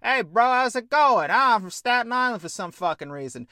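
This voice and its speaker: A man's voice: fairly high pitch, lively intonation, fast, a bit bright, dry recording, studio quality. A man putting on a crude swaggering alpha bro. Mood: brash. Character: brash toxic young man, self-styled alpha bro.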